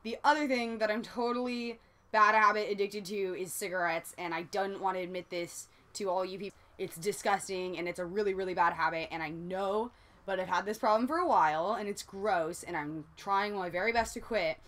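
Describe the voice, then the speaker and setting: A woman's voice: medium pitch, steady tone, brisk, a bit bright. A young woman in her twenties with a Southern Californian accent, talking casually in a rambling, confessional vlog full of "like" and casual swearing. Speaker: vlogger.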